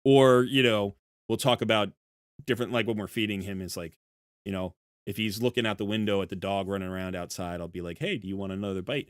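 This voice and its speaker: A man with a fairly low voice chats casually with his viewers during a live stream, rambling along with many restarts and fillers. The audio is studio quality with no room sound.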